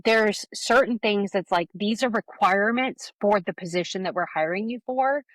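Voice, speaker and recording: A woman's voice: mid-range voice, normal speed, a bit bright, no room sound. Wry, candid woman podcast co-host. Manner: reflective, candid, wry asides. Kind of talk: casual business podcast chat.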